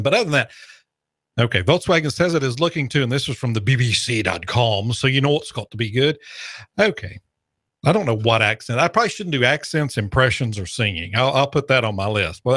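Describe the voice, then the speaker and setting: Sarcastic talk radio host. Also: male voice, mid-range voice, fairly bright tone, no echo, clean studio sound. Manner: sarcastic, rambling, joking asides.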